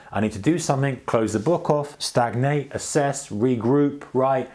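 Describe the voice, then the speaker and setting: A man hosting a trading channel, giving casual advice to camera in a rambling, animated way and acting out his own inner voice. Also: mid-range voice, normal speed, hardly any pauses. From United Kingdom.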